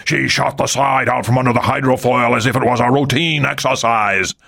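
A man's voice: medium pitch, steady tone, fairly quick, vocal fry, bright, forceful tone, voice pushed up. A man doing a furious, blunt navy admiral. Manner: thundering, blunt. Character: angry male naval admiral, commanding.

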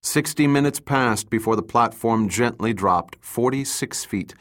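A man narrating a thriller audiobook in an even, measured reading. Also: on the low side. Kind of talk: scripted narration.

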